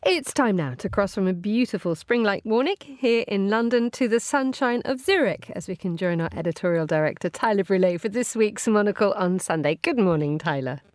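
A woman's voice: medium pitch, lively intonation, a little fast, hardly any pauses, a little mellow, dry recording. A woman presenting radio news and then bantering with a host in a dry, teasing way.

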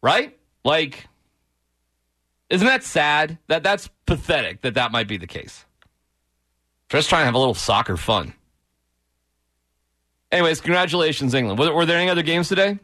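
A man hosting a casual sports talk show, joking and animated. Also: on the high side, normal speed, pauses often, no room sound, clean studio sound. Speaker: podcast host.

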